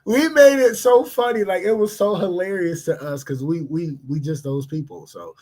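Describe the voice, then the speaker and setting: A man from Cleveland co-hosting a podcast, telling a story in a casual, animated way and acting out the voices in it. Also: sits high, normal speed. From Cleveland, Ohio. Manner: animated, laughing, acts out voices in his stories. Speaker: podcast co-host.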